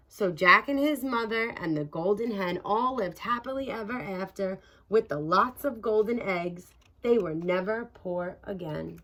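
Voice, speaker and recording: Slow expressive woman reading aloud. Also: mid-range voice. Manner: expressive, dramatic. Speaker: storyteller. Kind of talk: children's read-aloud narration.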